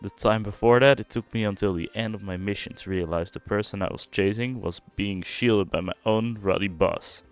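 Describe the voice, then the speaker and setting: A man's voice: lowish voice, normal speed, few pauses, clean tone, soft background music, close to an everyday voice. A man reading game dialogue aloud, voicing a grumbling young male rookie agent in a put-on accent. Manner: put-on accent, slangy complaining.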